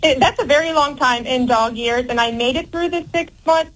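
A woman's voice: sits high, normal speed, a little hiss or hum, rough recording. A woman from Cincinnati calling in to a radio show, eagerly asking the hosts questions. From Cincinnati, USA. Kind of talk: casual phone-in chat.

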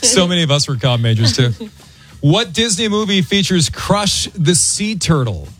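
A man's voice: sits high, big pitch swings, moderate pace, a bit bright, soft background music. A man hosting a radio morning show quiz, upbeat and encouraging.

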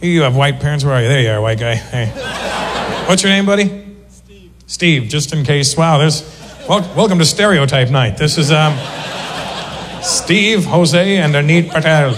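A man performing a live stand-up routine, animated and slipping into voices to mimic people. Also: on the high side, moderate pace, long pauses. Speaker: stand-up comedian. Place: live comedy venue. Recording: long hall reverb, clear ambient noise.

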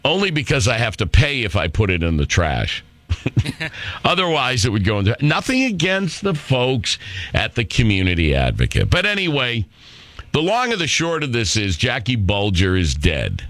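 A man's voice: mid-range voice, huge pitch swings, normal speed, fairly bright tone, no room sound. A middle-aged man hosting a talk radio show, brash, sarcastic and rambling. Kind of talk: opinionated talk radio monologue. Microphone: studio microphone.

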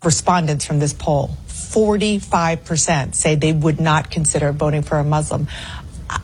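Low voiced lady anchor on a tv clip, measured, bit of hiss behind. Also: steady tone, a little mellow. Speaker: news anchor. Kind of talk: broadcast news interview. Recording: played clip with faint noise.

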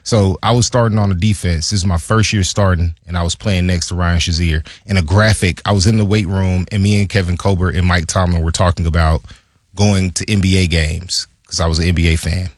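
A man, a former football player, chatting casually about his career as a podcast co-host, acting out quotes in a higher voice. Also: fairly quick, breathy edge, no room sound, clean studio sound. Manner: animated storyteller, acts out quotes in a higher voice. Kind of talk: casual sports chat.

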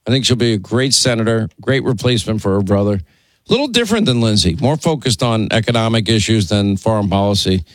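A man hosting a call-in radio show, chatty, tired after a long week, stumbling into quick restarts. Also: on the low side, animated, no room sound. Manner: rapid, stammering restarts, chatty. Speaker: radio talk show host. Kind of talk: casual call-in chat.

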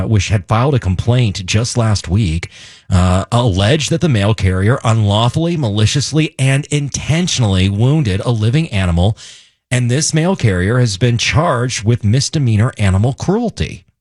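Husky-voiced male radio host, lively pitch. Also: normal speed, dry recording, studio quality. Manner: lively, joking, reads news off the wires. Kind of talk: casual morning radio banter. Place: radio studio. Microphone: studio microphone.

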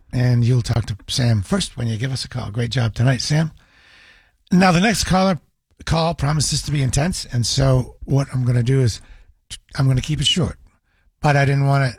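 A man hosting a talk radio call-in show, speaking gently and sympathetically with callers into a studio microphone. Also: mid-range voice, moderate pace, husky, no echo.

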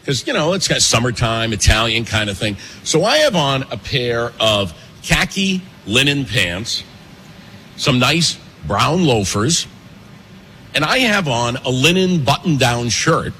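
A man hosting an opinionated political talk show from a pastry shop cafe, talking fast and emphatically and repeating his points. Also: medium pitch, a little hiss or hum. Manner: animated, emphatic, fast, with repetitions.

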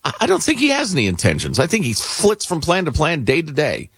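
A man's voice: fairly high pitch, huge pitch swings, brisk, fairly bright tone, a little hiss or hum. A man hosting a talk radio show, reading listener mail with wry, sarcastic asides. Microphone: studio mic.

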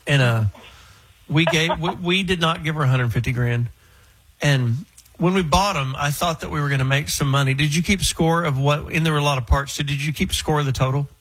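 A man's voice: a little high, fairly quick, a bit bright, breathy edge, low-quality recording. A man hosting a radio talk show, chatting and teasing callers and co-hosts.

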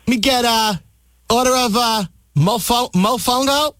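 A man making a radio prank call, feigning confusion with halting, hesitant speech. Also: very high voice, fairly bright tone, dry recording. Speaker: prank caller.

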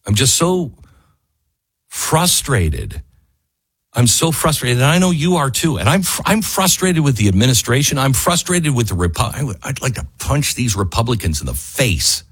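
A man hosts a talk radio show with a husky, slightly rough voice. His pitch leaps and dips widely as he presses his points with fiery conviction. The sound is dry and close to the mic. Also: sing-song, no room sound. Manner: fiery, rising to near-yelling, then quick ad reads. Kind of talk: impassioned political talk radio monologue.

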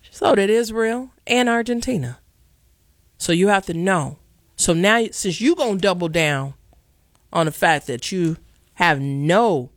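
A man hosting a radio call-in talk show, speaking with impassioned, preacherly emphasis and slow, deliberate stresses. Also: sits high, vocal fry, fairly bright tone, dry recording, clean studio sound. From Chicago.

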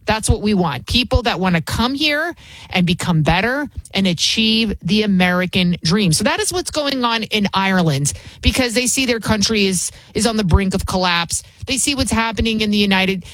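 A woman hosts a political commentary show, driving her points home with emphatic, sarcastic repetition. Her voice sits in a middle pitch range. The recording is close and dry, with no room sound. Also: animated, normal speed, fairly bright tone, dry recording. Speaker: talk show host.

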